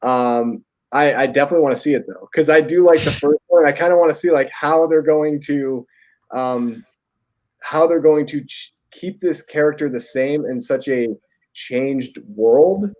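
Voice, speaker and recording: A man's voice: fairly high pitch, normal speed, a little mellow. A man hosting a casual livestream chat, rambling with fillers and restarts. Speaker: host.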